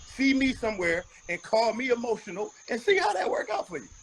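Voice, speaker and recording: A man's voice: very high voice, huge pitch swings, fairly quick, fairly bright tone, slight background noise, rough recording. A man giving an interview as a rapper, talking bluntly and emphatically, with frequent profanity. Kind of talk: candid interview talk.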